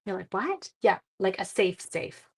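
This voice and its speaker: A woman's voice: mid-range voice, lively intonation, measured pace, vocal fry, a little mellow, low-quality recording. Middle-aged woman, livestream craft host, chatty and rambling, talks straight to her viewers. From Canada. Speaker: card-making livestream host. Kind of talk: casual chat while crafting.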